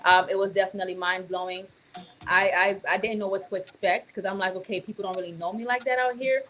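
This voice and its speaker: A woman's voice: mid-range voice, fairly even intonation, fast, fairly bright tone, soft background music. A woman guest chatting casually in a radio interview, bubbly and laughing often, with frequent ums and restarts. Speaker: actress and author guest.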